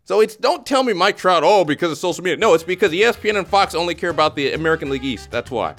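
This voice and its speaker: A man hosting a casual sports talk podcast, ranting in an animated way. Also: high-pitched, fast, vocal fry, soft background music. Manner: animated, ranting with mock voices. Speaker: podcast host.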